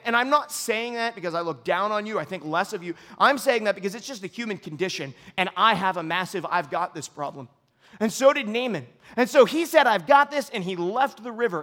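A male pastor delivering an earnest, confessional sermon to a church congregation, moving from quiet reflection to loud outbursts. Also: high-pitched.

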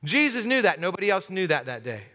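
Male pastor, sermon, animated storytelling, high pitch, bright tone, long hall reverb. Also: fast talker. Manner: animated storytelling, acts out scenes with humor.

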